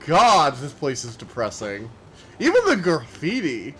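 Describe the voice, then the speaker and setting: A man's voice: high voice, huge pitch swings, normal speed, a bit bright, slight background noise. An American man chatting loosely as he streams a game, rambling with lots of filler words. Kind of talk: casual let's-play commentary.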